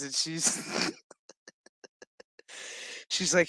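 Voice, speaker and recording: Slow, bright-voiced man recapping a show. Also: fairly high pitch, lively intonation, clear, resonant tone, no room sound. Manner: profane, laughing, loose storytelling. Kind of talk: casual episode recap commentary.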